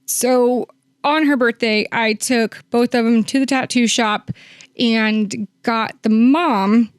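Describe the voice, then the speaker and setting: A woman's voice: a little high, steady tone, slow, smooth, dry recording, studio quality. A woman working as a hospice nurse, telling a long story in a podcast interview, with many fillers and quoted lines acted out.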